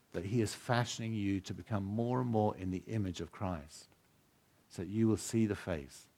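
A man, a pastor, giving a sermon that includes an earnest, measured reading of a story. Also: low-pitched, a little mellow. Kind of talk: sermon with a read-aloud story.

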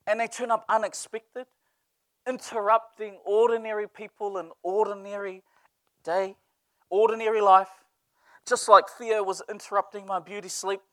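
Nz preacher guy telling funny stories in a sermon, pretty high voice, dry sound. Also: normal speed, no room sound. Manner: lively storytelling with humor. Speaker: pastor.

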